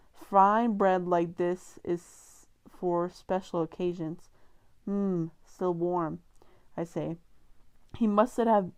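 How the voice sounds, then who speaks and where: A woman's voice: on the low side, darkish tone, smooth. A woman reading a novel aloud for her channel, casual and stumbling over words now and then. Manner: joking, slangy asides. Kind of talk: casual read-aloud with chat breaks.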